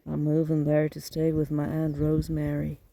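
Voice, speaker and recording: A polite, careful young man who answers questions evenly, read by a male narrator. The voice is higher than average with a gravelly edge and little pitch movement, dry and close for an audiobook. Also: monotone, moderate pace, warm tone, dry recording, poor audio. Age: young adult.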